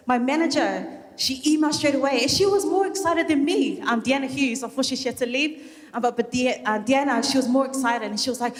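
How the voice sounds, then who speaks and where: A woman from New Zealand giving a candid, emotional personal speech at a graduation ceremony, with many fillers and pauses. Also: high-pitched. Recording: echoey hall with long reverb.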